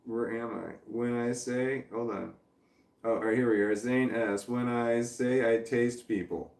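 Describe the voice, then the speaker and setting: A man's voice: mid-range voice, steady tone, unhurried, gravelly, a little mellow, echoey room. A man hosting a casual livestream, rambling and chuckling as he reads viewer comments aloud and trails off mid-thought. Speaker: livestream host.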